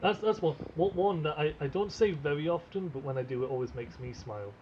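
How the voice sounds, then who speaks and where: A man's voice: on the high side, fairly quick, a little hiss or hum. A man co-hosting a casual podcast chat, wry and swearing casually, recorded on dull lo-fi audio. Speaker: podcast co-host.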